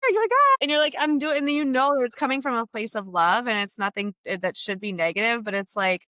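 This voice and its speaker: A woman's voice: mid-range voice, lively intonation, a little fast, few pauses, sharp tone, dry recording. A woman guest on a podcast interview, talking earnestly and reassuringly about her experiences. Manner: earnest and reassuring, acts out quoted exchanges. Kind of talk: candid conversational interview.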